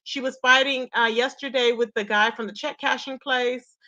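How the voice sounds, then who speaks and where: Bright chatty woman host dishing gossip, lots of laughing. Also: high voice, fairly even intonation, normal speed, muffled recording. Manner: chatty, laughs often, repeats "child". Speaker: commentary channel host. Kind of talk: casual gossip commentary.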